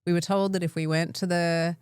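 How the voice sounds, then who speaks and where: A woman's voice: lowish voice, flat delivery, brisk, a little mellow, clear, resonant tone, no room sound, studio quality. An Australian woman co-hosting a podcast, telling wry, self-deprecating stories in casual chat. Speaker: podcast co-host.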